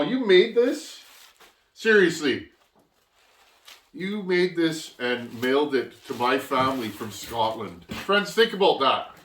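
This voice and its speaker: A man's voice: medium pitch, recorded from a distance. A man from Canada hosts his chainsaw channel, chatting to viewers as he opens parcels and doubling back on his words as he goes. His voice carries an echo from a roomy workshop. He stands a little way from the mic, and faint noise sits underneath. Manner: rambling, restarts, addresses viewers as friends. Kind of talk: casual vlog, opening mail.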